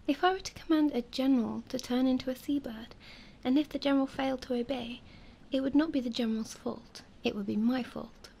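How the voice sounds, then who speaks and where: A pompous old king hands down commands in a breathy, mellow hush, as a woman voices him in a whispered role-play. The tone stays soft and dark rather than loud. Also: high voice, steady tone, brisk, heavily acted. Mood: commanding.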